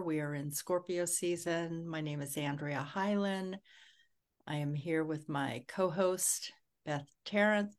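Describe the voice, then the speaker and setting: A woman co-hosting a livestream, talking softly and calmly as she guides a grounding meditation. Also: lowish voice. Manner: slow, soft-spoken, calming. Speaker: co-host.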